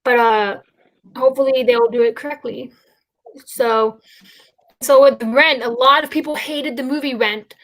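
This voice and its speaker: A woman's voice: high-pitched, steady tone, measured pace, long pauses, a bit bright. A woman hosting a casual chat about musicals, rambling with lots of fillers and restarts. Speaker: podcast host.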